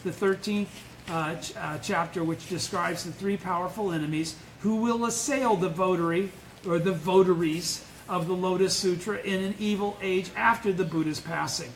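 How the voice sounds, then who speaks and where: A man's voice: high voice, moderate pace. A man leading an informal Buddhist study lecture, blunt and emphatic, who keeps putting questions to the group. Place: indoor meeting room, live-streamed. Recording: echoey room with faint noise.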